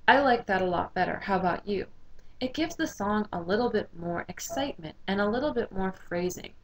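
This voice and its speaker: A woman's voice: medium pitch, lively intonation, brisk, heavy background noise. Woman teaching a recorded music lesson. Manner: explanatory, sings short demonstration phrases.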